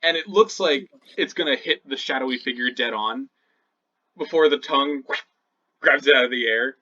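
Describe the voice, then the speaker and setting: A man running a tabletop game, describing scenes in a loose, rambling way full of "uh" and "like". His voice is bright and forceful, at a middle pitch. The mic sounds a little dull and lo-fi. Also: normal speed. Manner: loose, filler-heavy descriptive narration. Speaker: game master.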